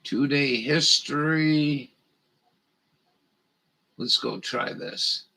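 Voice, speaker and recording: A man's voice: a little high, drawn-out words, pushed and bright. A man grumbling and swearing as he rambles through a live stream, muttering to himself as he reads.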